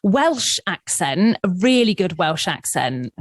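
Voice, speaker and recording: A woman's voice: on the low side, big pitch swings, takes it slowly, no room sound. A woman co-hosting a podcast, upbeat and teasing in casual chat. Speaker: podcast co-host.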